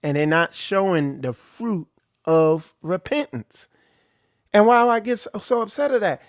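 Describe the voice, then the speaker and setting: A man's voice: sits high, expressive, unhurried, no room sound, studio quality. A man leading an informal ministry talk, preaching bluntly and with animation. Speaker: ministry leader. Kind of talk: informal sermon.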